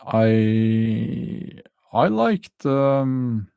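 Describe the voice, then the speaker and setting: A middle-aged man with a Norwegian accent, hosting a casual livestream and answering chat questions in a halting way, full of fillers and restarts. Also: mid-range voice, big pitch swings, gravelly, mellow, smooth, no room sound. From Norway. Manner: halting, many fillers and restarts, chuckles dryly.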